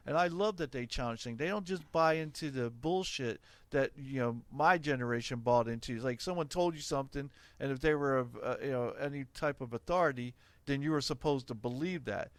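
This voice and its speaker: A man's voice: medium pitch, brisk, hardly any pauses, dry recording. A middle-aged man hosting a podcast, talking frankly and opinionatedly in casual chat, laughing often. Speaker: podcast host.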